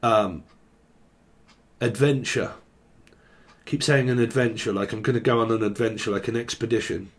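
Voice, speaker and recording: A man's voice: medium pitch, fairly even intonation, moderate pace, long pauses. A man giving a loose, rambling tarot reading, joking, swearing casually and free-associating on words as he goes. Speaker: tarot reader.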